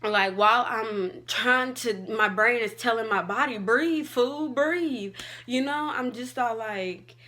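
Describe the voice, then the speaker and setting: A woman's voice: a little high, a little slow, few pauses, sharp tone. A young adult woman vlogging, telling a personal story in a casual, chatty way with lots of "like". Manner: chatty, fillers like "like" and "all like".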